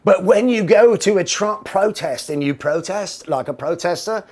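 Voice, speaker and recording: A condescending male comedian caricature with a bad South African accent, as a talk-show host puts him on. The delivery is patronizing and repetitive. The voice is softer and lower-set than the host's usual talk. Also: moderate pace. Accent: bad put-on South African accent. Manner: condescending, lecturing, rambling. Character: mocking impression of a male late-night comedian.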